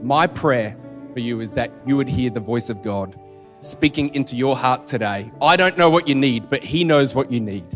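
A man with an Australian accent, preaching a sermon as a pastor in an energetic, joking, conversational way. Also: medium pitch, moderate pace. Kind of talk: sermon with personal storytelling. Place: church auditorium. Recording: church hall reverb with soft music.

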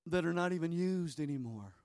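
A male pastor preaching a sermon in a dramatic way, dropping to hushed asides and then rising to emphatic lines. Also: fairly high pitch, animated, brisk, dry recording, clean studio sound.

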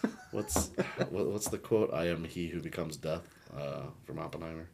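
Deep-voiced man, rambling beer chat. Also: moderate pace, vocal fry, noisy background. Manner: rambling, joking, reads labels aloud. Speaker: beer review podcast co-host. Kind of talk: casual chat.

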